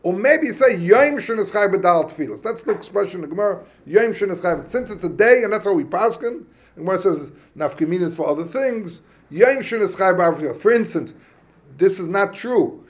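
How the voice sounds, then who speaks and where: Man, Talmud class lecture, high-pitched, thinks aloud, asks questions. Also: expressive, brisk. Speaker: Talmud teacher.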